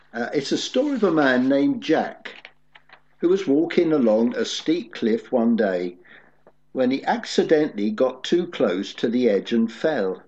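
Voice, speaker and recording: A preacher delivers a sermon slowly and steadily, his voice dark and mellow. His pitch moves in a lively way as he tells a story. The recording is dull and lo-fi.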